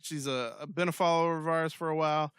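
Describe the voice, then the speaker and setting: A man co-hosting a podcast in casual banter, upbeat as he plugs merch and gives listener shout-outs. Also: fairly high pitch, fairly even intonation, quick pace, clean tone, dry recording, clean studio sound. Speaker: podcast co-host.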